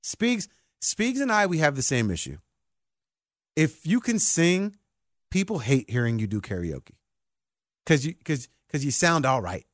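A man hosting a sports talk show, excitable and emphatic like a hyped fan. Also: a little high, unhurried, pauses often, no room sound, studio quality. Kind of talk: animated sports podcast talk.

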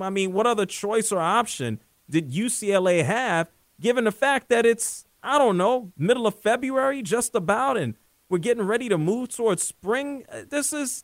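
A man's voice: sits high, no room sound. A man hosting a sports talk radio show, opinionated and joking as he talks.

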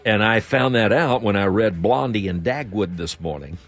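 Low-voiced rambling radio co-host, a man. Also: normal speed, soft background music. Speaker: radio talk show co-host. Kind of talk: casual chat.

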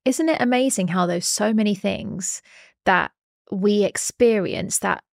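A woman's voice: mid-range voice, unhurried, vocal fry, no room sound, studio quality. A woman hosting a podcast, responding thoughtfully and with empathy and sharing her own experience. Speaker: podcast host. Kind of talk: conversational interview.

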